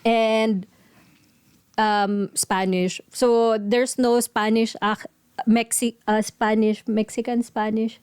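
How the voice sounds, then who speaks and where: A woman's voice: fairly high pitch, little pitch movement, slow pace, a little mellow, clear, resonant tone, no echo, clean studio sound. A woman co-hosting a podcast, telling a story in a rambling, casual way with many fillers. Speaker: podcast co-host.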